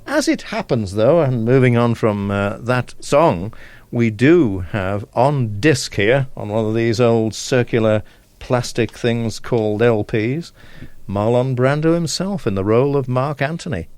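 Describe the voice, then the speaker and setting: A man's voice: mid-range voice, expressive, measured pace, darkish tone, smooth, no echo. A man presenting a radio show, chatting casually with a guest, hesitant and full of fillers. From Isle of Man.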